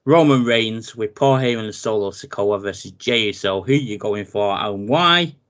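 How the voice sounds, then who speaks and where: A man, co-hosting a casual wrestling chat, running through a match card with animated, jokey asides. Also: fairly low pitch, normal speed. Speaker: podcast co-host.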